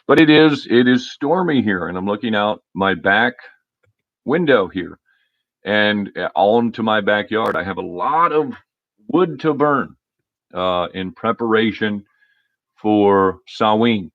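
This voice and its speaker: A man rambling on a solo livestream from his home cabin, talking into a laptop, halting and restarting often. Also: lowish voice, expressive, phone-quality sound. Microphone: laptop microphone.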